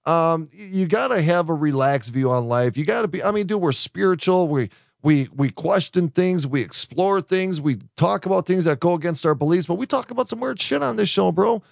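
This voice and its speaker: A man co-hosting a comedic talk show, brash and joking, full of "dude" and "bro." His voice is gravelly, slightly high for a man, and swings widely in pitch, recorded dry and close. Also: expressive, normal speed, no echo. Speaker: podcast co-host. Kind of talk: casual comedic chat.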